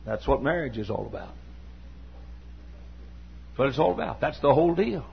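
An older man preaching a sermon as pastor, repeating his points and building up to shouts. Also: mid-range voice, expressive, moderate pace, vocal fry, muffled recording, a little hiss or hum. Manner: impassioned preaching, repetitive, rising to shouts.

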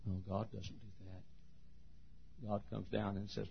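A man's voice: on the low side, flat delivery, moderate pace, vocal fry, pauses often, noisy background. A man preaching a sermon in a folksy, emphatic storytelling manner. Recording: dull lo-fi sermon recording.

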